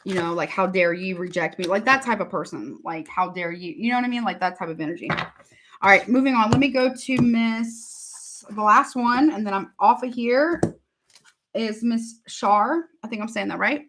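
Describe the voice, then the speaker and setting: A woman's voice: fairly high pitch, moderate pace, background noise. A woman giving a casual live tarot reading, chatty and repetitive, calling her viewers honey. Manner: chatty, repeats herself, calls viewers honey. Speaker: tarot reader.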